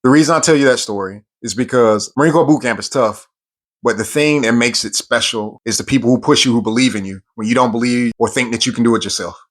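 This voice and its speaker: A man's voice: mid-range voice, quick pace. A man, a military veteran, telling a personal story in an earnest, emphatic way, often repeating words for stress.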